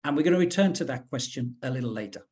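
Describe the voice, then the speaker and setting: A man's voice: mid-range voice, lively intonation, fast talker, darkish tone. A man from the UK presenting a teacher-training webinar, talking in a chatty way with frequent fillers.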